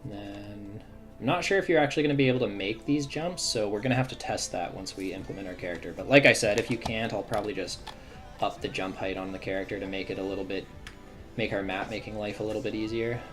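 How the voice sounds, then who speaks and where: A man streaming live as a game developer, chatting casually and thinking aloud as he works, with lots of fillers and restarts. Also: quick pace. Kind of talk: casual livestream commentary while working. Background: faint drum and bass music.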